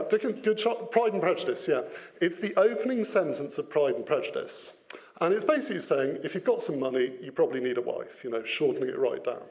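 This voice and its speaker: A man giving an interactive business talk, lively and playful, putting questions to his audience. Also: sits high. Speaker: business speaker.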